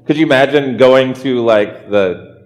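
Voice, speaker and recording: Man, pastor, casual sermon, rhetorical questions, mid-pitched voice, long reverberant hall. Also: measured pace. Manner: chatty, asks rhetorical questions. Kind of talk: conversational sermon.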